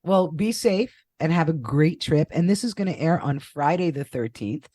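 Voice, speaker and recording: A woman's voice: deep voice, lively intonation, normal speed, dark tone. A woman hosting a casual interview podcast, chatty and playful, laughing often. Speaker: podcast host.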